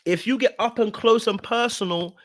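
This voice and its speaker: Male reaction host, a little high-pitched, dry close sound, blunt and repetitive commentary. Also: normal speed, a bit bright, no room sound. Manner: emphatic, blunt and repetitive, hammering points home. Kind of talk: reaction commentary on a reality show.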